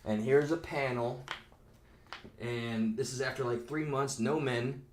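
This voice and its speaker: A man's voice: medium pitch, fairly even intonation, measured pace, darkish tone, a little hiss or hum. A man giving a casual reaction rant, rambling and sarcastic, reading online comments aloud with mocking voices. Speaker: video commentator.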